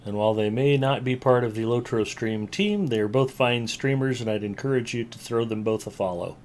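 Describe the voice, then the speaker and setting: A man hosting a game live stream in a relaxed, chatty way, his voice sitting at an ordinary middle pitch. A faint hiss of noise runs under his talk. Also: a little fast. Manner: relaxed, chatty, gives viewer shout-outs. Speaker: streamer host. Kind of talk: casual live-stream chat.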